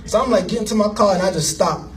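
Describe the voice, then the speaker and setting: A man giving an animated, emotional personal story as a speaker at an event, laughing as he talks. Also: high voice, quick pace, far from the mic, slight background noise. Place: event hall.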